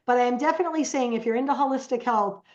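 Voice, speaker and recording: A woman's voice: on the high side, rapid-fire, darkish tone, dull audio. A woman guest on a podcast, telling stories casually and animatedly and acting out the voices she quotes. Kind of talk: casual storytelling.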